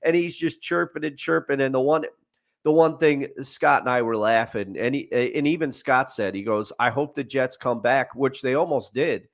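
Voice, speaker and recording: A man co-hosts a casual sports podcast, rambling through stories, restarting sentences, and laughing at his own tales. His mid-range voice is creaky and moves at a moderate pace.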